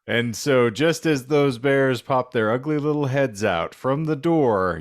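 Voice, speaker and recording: Slow, deliberate man narrating his character. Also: medium pitch. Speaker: player.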